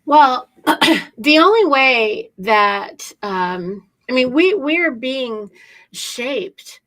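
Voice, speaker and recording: A woman co-hosting a casual talk, speaking haltingly and searching for her words. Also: high voice, lively intonation, fairly bright tone. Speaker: co-host. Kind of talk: casual conversation.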